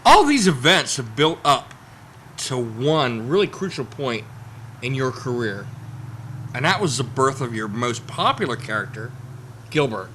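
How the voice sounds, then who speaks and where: Male interviewer, chatty, lively pitch; faint noise. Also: unhurried. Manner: brief agreeing interjections. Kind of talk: casual interview.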